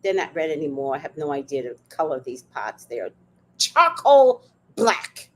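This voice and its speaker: With a very deep voice and a quick pace, a woman on a livestream chats casually and spins animated, loosely told stories.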